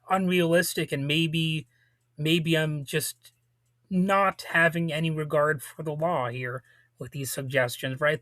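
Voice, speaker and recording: Male podcast host, a bit high-pitched, blunt casual delivery, dry close sound, voice slightly worn. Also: fairly bright tone, dry recording. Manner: casual, blunt, with frequent restarts and swearing. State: losing his voice a little. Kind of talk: casual political commentary.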